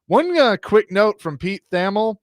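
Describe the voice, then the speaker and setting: A man's voice: high-pitched, sing-song, measured pace, no echo, clean studio sound. A man hosting a sports radio show, chatting casually, laughing easily and reading out news notes and draft-pick details.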